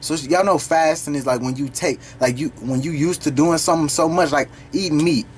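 Slangy young man, excited reaction host. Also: fairly high pitch, brisk, a little hiss or hum. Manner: animated, profane, slangy, stops the song to explain lyrics. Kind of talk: casual reaction commentary.

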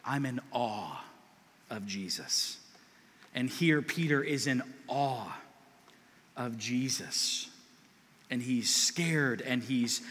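Male pastor, high bright voice, lively conversational sermon, long hall reverb. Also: breathy edge. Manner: animated, conversational preaching with asides to the congregation.

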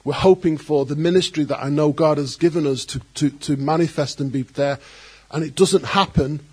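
A man preaching a sermon as pastor, animated, acting out quoted voices and adding joking asides. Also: a little high, normal speed, slightly rough.

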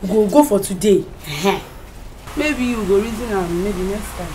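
A woman's voice: medium pitch, normal speed, noisy background, close to an everyday voice. A woman speaking with a Nigerian Pidgin accent, playing a brash young woman who haggles over money. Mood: bargaining. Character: sharp, bargaining young woman. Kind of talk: film drama acting.

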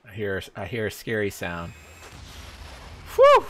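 A young man streaming a live video game playthrough, excitable and laughing often, his voice leaping up into high squeals. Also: normal speed. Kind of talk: live gameplay commentary.

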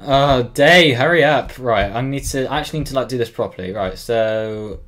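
A man's voice: mid-range voice, moderate pace, fairly bright tone. A teenage boy from Cornwall giving casual, flustered gameplay commentary, swearing often and yelping when scared. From Cornwall, England. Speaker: gaming channel host.

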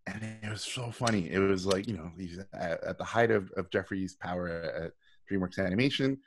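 Animated middle-aged man telling stories. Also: deep voice, a little fast. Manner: animated, acts out quoted voices, swears freely. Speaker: guest speaker. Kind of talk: casual storytelling on a live video talk. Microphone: video call.

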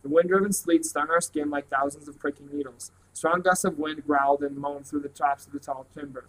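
Guy reading a book chapter out loud, kinda high voice, even pace. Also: a little fast, poor audio. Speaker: reader. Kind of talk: reading a novel aloud.

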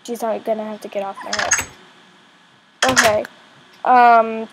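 A female gaming YouTuber chatting excitedly as she plays, often squealing and shouting at the game. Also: on the high side, measured pace, gravelly, noisy background. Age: young girl per page; adult voice unsure. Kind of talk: game commentary.

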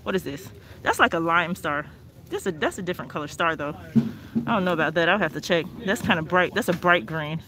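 With a lowish voice, lively intonation and a slightly quick pace, a woman runs a live couponing vlog from a discount store. She holds her phone as she walks, chatting to viewers as "y'all" over faint store noise.

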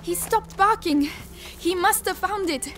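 A woman's voice: very high-pitched, measured pace, a bit bright. An actress playing a determined young noble girl, calling out anxiously. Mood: worried.

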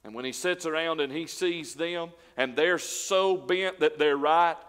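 A male pastor, preaching a sermon full of rhetorical questions and swinging between loud and soft. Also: fairly high pitch, a little slow, clear, resonant tone, big-room sound. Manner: preaching with rhetorical questions, swelling and dropping in volume. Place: church sanctuary.

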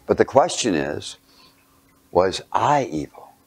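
A man giving a sermon through a childhood story, animated, sometimes dropping to a near whisper and putting rhetorical questions to his listeners. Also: deep voice, takes it slowly, slightly rough. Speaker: speaker.

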